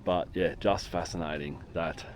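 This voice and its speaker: Travel vlogger, man, low voice, eager and exclaiming, recorded on a camera mic among crowds. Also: steady tone, moderate pace, a crowd in the background. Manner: enthusiastic, exclaims often. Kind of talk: walking tour narration. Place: outdoor archaeological site with crowds.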